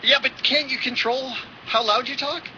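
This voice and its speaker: A man co-hosting a radio call-in show, mocking callers with quick jabs and frequent laughs. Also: very high voice, steady tone, highs cut off, background noise.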